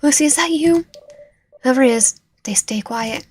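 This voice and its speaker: A woman streaming a visual novel, reading its narration and dialogue aloud with lively reactions, now and then dropping to a whisper. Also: high-pitched, normal speed, a little hiss or hum. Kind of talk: reading game text aloud while playing.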